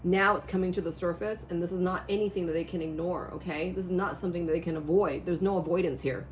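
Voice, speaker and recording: A woman reading tarot cards in a rambling, animated way, her voice a little hoarse, often checking in with the listener. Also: fairly low pitch, quick pace, a little hiss or hum. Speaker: tarot reader. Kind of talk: casual spiritual reading to camera.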